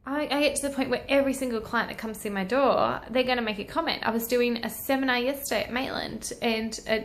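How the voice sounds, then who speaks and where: A woman's voice: high-pitched, roomy sound. Earnest woman on a selfie video. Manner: earnest, rambling, self-encouraging. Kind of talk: personal selfie video talk. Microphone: phone held at arm's length.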